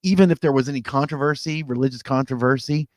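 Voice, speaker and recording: A man's voice: medium pitch, fast, darkish tone, no echo, studio quality. A man co-hosting a podcast in casual chat, rambling and correcting himself as he goes, laughing at himself. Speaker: podcast co-host.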